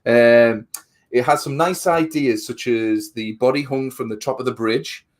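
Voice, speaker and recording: A man's voice: medium pitch, a little slow. A man co-hosting a casual film review chat. He swears often, acts out quotes, and repeats words while he thinks. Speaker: podcast co-host.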